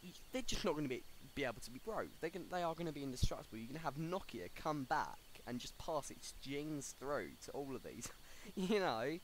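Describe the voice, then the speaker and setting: A man's voice: fairly high pitch, sing-song, a little fast, few pauses. Rambling young man podcasting. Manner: rambling, many fillers and restarts. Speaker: podcast host. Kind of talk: casual solo podcast chat. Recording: faint background noise.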